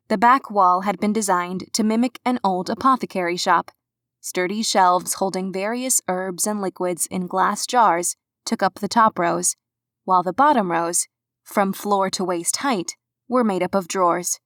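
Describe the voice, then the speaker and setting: An audiobook narrator with a mid-range voice reads a cozy mystery novel aloud, her storytelling even and measured. The scripted narration has clean studio sound and no room sound.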